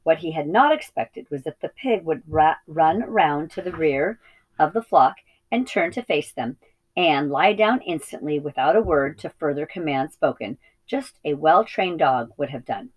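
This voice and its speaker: A woman reading a children's novel aloud as a teacher, steady with small slips and self-corrections. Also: deep voice, normal speed, breathy edge, rough recording. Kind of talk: storybook read-aloud.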